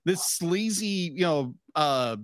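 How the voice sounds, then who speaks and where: High-voiced man rambling with laughs. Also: animated, slow pace, no echo. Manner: rambling, stumbling over words, laughing often. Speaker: podcast co-host. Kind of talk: casual chat.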